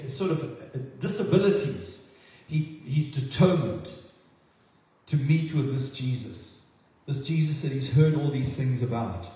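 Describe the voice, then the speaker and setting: Halting preacher in an echoey church hall. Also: male voice, on the high side, mellow, recorded from a distance. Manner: halting, with many fillers and restarts. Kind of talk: sermon.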